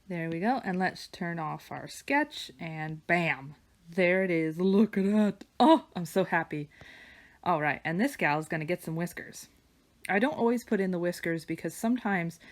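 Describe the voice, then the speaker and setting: A woman artist chatting casually while she draws, wandering between stories and soft murmured asides about her work. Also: lowish voice, creaky. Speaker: digital artist and vlogger. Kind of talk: casual chat while drawing. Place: home studio with her dog nearby.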